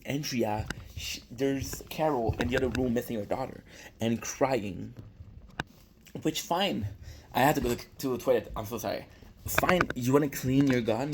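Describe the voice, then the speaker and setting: A man's voice: medium pitch, slight background noise. A young man giving a casual, rambling recap of a TV episode, swearing freely and often restarting his sentences. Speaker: show reviewer.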